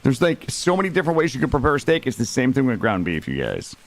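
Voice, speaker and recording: Excitable swearing game streamer, man. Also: mid-range voice, fast. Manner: excitable, swears often, talks to chat. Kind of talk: live gameplay commentary.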